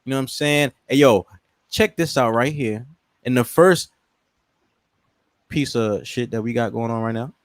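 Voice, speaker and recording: A man's voice: mid-range voice, normal speed, long pauses, no room sound. Loose joking man hosting, dry sound. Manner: loose, joking, reads comments aloud. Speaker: podcast host. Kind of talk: casual comedic chat.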